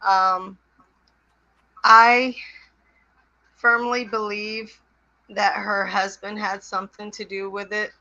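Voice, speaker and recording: Guest mother: middle-aged woman, slow pace, bright tense tone, muffled lo-fi line. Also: medium pitch, level tone. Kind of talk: testimony on a video call. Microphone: video call. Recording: dull lo-fi sound.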